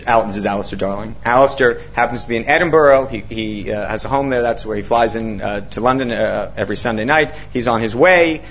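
This author talks a little fast with few pauses, his medium-pitched voice animated as he acts out quotes in a long story for an audience. Many fillers and restarts pepper the storytelling, and the dull lo-fi audio has slight background noise.

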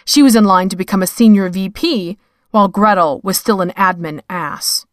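Woman reading a story aloud, measured and a bit wry, dead dry room. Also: medium pitch, no echo. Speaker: narrator. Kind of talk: scripted fiction narration.

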